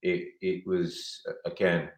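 A man's voice: low-pitched, flat delivery, slow pace. Rambling man in an echoey room. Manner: rambling, restarts, acts out others' lines. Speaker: former goalkeeper, guest. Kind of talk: casual anecdote-telling. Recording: roomy echo.

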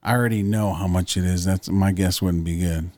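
A man's voice: low-pitched, steady tone, a little fast, darkish tone, no room sound, studio quality. A man co-hosting a podcast, joking and swearing in rambling casual chat. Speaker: podcast co-host.

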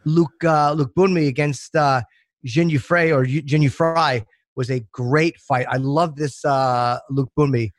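A man chatting casually on a video call, talking hesitantly with many pauses and restarts. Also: a little high, fairly even intonation, no room sound, clean studio sound. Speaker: podcast co-host. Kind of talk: casual chat.

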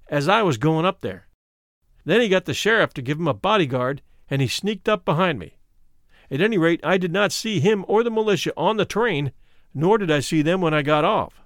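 Male audiobook narrator, high and animated, close dry sound, expressive memoir read. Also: dry recording. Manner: expressive storytelling reading, voicing quoted speakers. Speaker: audiobook reader.

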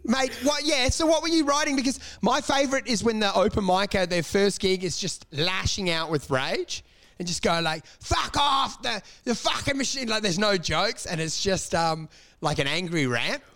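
A man's voice: sits high, moderate pace, a bit bright. A man co-hosting a comedy podcast, teasing his co-host, laughing often and swearing freely. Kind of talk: casual comedy podcast banter.

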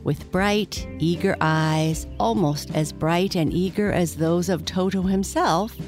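A woman reading a bedtime story aloud, gentle and measured. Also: fairly low pitch, over music.

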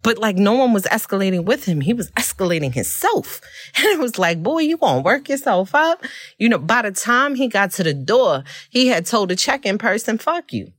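A woman hosting a podcast, telling a personal story in a candid, expressive way and often laughing. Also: mid-range voice, fairly quick, dry recording, clean studio sound. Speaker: podcast host.

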